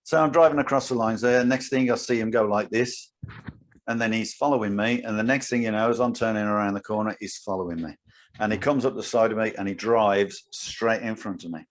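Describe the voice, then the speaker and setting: A man with a lowish, brisk voice, who co-hosts a podcast and works as a driving instructor, tells an anecdote in casual conversation. He's an animated storyteller who acts out his own lines.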